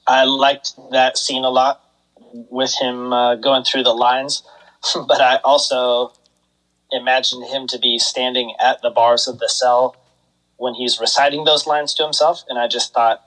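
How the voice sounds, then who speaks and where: A man's voice: medium pitch, flat delivery, a little slow, a bit bright, poor audio. Rambling man musing over a comic. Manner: thoughtful, rambling, filler-heavy. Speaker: podcast co-host. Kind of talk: casual comic book discussion.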